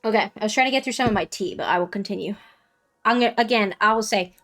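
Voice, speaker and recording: A woman's voice: medium pitch, fast, a bit bright, faint music behind. A woman game streamer chatting casually, giggly and trailing off as she plays.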